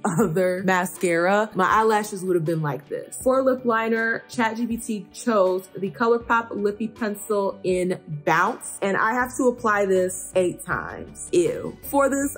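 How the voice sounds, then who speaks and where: Husky-voiced young woman vlogging makeup. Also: medium pitch. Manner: playfully exasperated, counting layers aloud. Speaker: beauty vlogger. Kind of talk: casual makeup tutorial chat.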